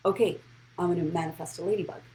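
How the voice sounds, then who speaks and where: A woman's voice: lowish voice, fairly even intonation, fast talker, darkish tone, a little hiss or hum, low-quality recording. A woman hosting a live-streamed motivational money talk, speaking bluntly and encouragingly and answering viewers' comments by name. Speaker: financial coach and show host.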